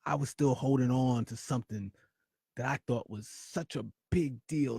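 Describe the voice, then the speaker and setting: A man's voice: mid-range voice, normal speed, creaky, husky, no echo, studio quality. Man telling a heartfelt personal story. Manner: emotional, dramatic shifts between loud and hushed. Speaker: podcast host.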